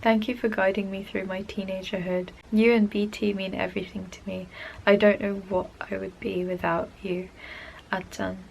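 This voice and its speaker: A woman's voice: mid-range voice, little pitch movement, moderate pace, gravelly, a little mellow, a little hiss or hum, rough recording. A young woman talking in a personal diary vlog, gushing and emotional as she rambles about a musician she adores. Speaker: fan vlogger.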